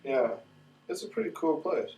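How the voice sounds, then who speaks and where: A man's voice: a little high, expressive, normal speed, warm tone. A man chatting casually about a trip on a home video, rambling and correcting himself as he goes. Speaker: traveler recounting a trip. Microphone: camcorder mic. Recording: distant home camcorder audio.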